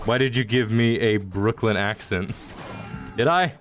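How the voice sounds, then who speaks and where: A man's voice: on the low side, a little slow, soft background music. A man streaming a video game, talking casually in a rambling, jokey way with mock-dramatic lines. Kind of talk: casual gameplay commentary.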